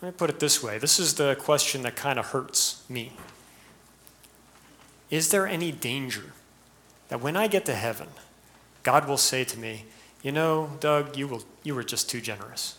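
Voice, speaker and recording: A man's voice: medium pitch, moderate pace, fairly bright tone. A man with an American accent, a pastor giving an earnest sermon full of rhetorical questions and rising emphasis.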